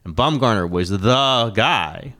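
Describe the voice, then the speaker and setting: Middle-aged male sports host, deep voice, rambling, animated, casual. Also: takes it slowly. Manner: rambling, animated, swearing, frequent restarts. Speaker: sports columnist and podcast host.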